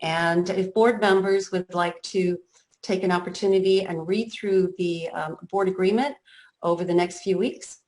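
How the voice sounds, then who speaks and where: Emotional, halting woman chairing a board. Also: lowish voice, steady tone, darkish tone, poor audio. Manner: emotional, halting, near tears. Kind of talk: board meeting remarks.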